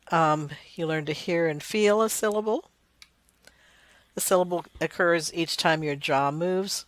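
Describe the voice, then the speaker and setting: A woman lecturer explaining spelling development, sounding out words slowly to demonstrate. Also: sits low, no echo. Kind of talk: recorded lecture.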